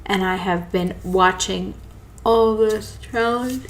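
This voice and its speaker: A woman's voice: medium pitch, slow, slight background noise. A woman hosting a casual live talk, tired and yawning, apologetic and rambling. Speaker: host.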